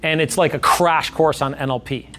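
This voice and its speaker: A male sales coach teaches a group in a training room. He is emphatic and energetic, and he repeats his points. His voice sits a bit high for a man. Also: normal speed, a little hiss or hum. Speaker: real estate sales coach.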